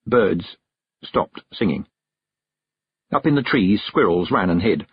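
Husky man reading a storybook. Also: on the low side, animated, slow, dry recording, lo-fi sound. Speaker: audiobook narrator.

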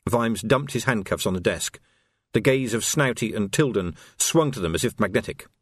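Male audiobook narrator, lively pitch, expressive, dry close sound. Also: moderate pace, slightly rough, no room sound. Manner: expressive, story-paced reading.

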